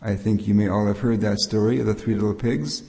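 A man's voice: fairly low pitch, fairly even intonation, a little fast, gravelly, darkish tone. An older man giving a patient, explanatory Bible teaching sermon as a preacher. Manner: explanatory, patient, with frequent restarts. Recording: long reverb of a hall.

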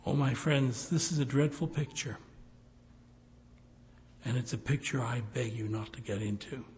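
A man preaching a sermon, pleading with his listeners and rising to loud appeals. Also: medium pitch, normal speed, slight background noise. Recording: long hall reverb.

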